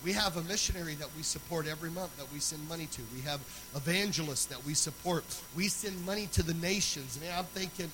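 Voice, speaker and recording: A man pastor preaching a sermon, telling a personal story that builds into loud, chanting preaching. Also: on the high side, a little fast, noisy background.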